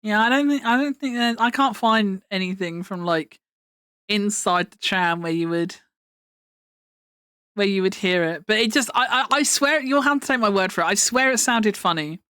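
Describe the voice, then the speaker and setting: A woman's voice: mid-range voice, normal speed, a bit bright, smooth, no echo, clean studio sound. A young woman livestreamer chatting casually to her viewers, rambling through a story with lots of fillers and laughter. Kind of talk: casual stream chat.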